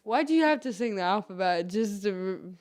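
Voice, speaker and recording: A woman who is a guest on a podcast, making playful, drawn-out remarks in a casual chat. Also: medium pitch, lively intonation, darkish tone.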